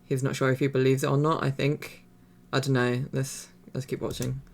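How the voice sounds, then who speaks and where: A woman's voice: very deep voice, flat delivery, moderate pace, gravelly, slight background noise. A woman hosting a reaction video, chatting casually and rambling with many fillers and restarts. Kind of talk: casual commentary.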